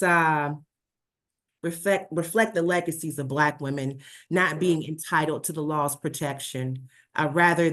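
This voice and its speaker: A woman speaking on a video call, telling a personal story in a talk, animated and full of fillers and restarts. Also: low-pitched. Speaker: speaker presenting slides.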